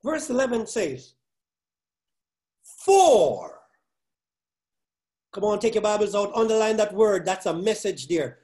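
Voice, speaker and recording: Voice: mid-range voice, darkish tone. Pastor preaching with emphatic repetition. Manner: emphatic, repeats key words, questions the congregation; halting restarts, then building force. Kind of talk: sermon.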